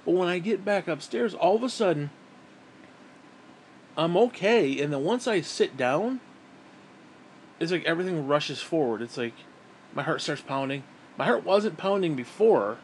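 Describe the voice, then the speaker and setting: A man's voice: a little high, animated, normal speed, long pauses, slight background noise. A middle-aged man ranting casually to his viewers, frustrated and swearing, rambling with frequent restarts. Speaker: vlogger. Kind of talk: casual rant to camera. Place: home.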